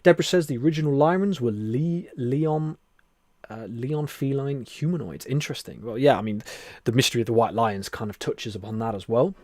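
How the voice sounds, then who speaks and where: A man hosting a live stream, reading out viewer comments in a friendly, chatty way and calling people "buddy". He moves between a soft, near-whispered voice and louder talk, and laughs often. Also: mid-range voice, brisk, dry recording. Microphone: headset mic with headphones.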